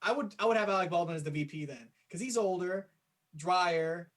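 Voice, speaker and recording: Male co-host in his 20s, high pitch, easygoing banter. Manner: laid-back, quick to laugh. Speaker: podcast co-host. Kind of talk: casual chat.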